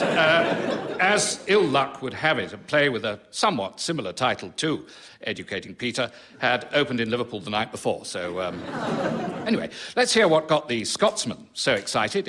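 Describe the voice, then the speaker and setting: A man's voice: mid-range voice, very animated, normal speed. A middle-aged man performing a comic monologue for a live audience, rambling, dry and self-pitying. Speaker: comic author performing a show. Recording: live stage recording with noise.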